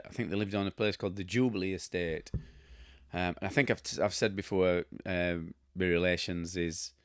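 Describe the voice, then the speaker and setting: A low-pitched Yorkshire man in his fifties chats casually to camera, wandering from story to story with blunt asides and chuckles. His voice sounds close and dry, with no room around it. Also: clean tone, no echo. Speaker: host.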